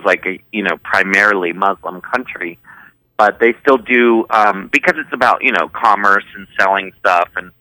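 A man from Maryland's Eastern Shore, with a lowish voice and a sharp tone, rambles as a podcast guest in casual conversational chat full of "um" and "you know." The recording is rough, with no echo.

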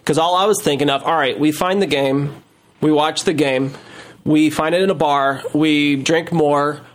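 Rambling animated male storyteller. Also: on the high side, moderate pace. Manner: rambling, animated, many fillers and restarts. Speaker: storyteller guest. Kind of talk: casual storytelling chat.

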